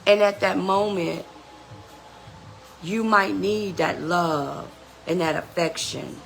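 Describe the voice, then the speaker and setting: A woman's voice: fairly low pitch, slow pace, vocal fry, fairly bright tone, faint music behind, rough recording. A woman hosting a podcast, giving an earnest, motivational self-help talk and often saying "you know". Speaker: podcast host.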